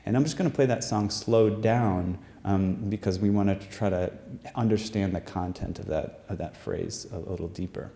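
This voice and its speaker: A man's voice: deep voice, normal speed, mellow. A man presenting his research to a live audience, explaining patiently with frequent fillers and restarts. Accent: American. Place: performing arts center stage.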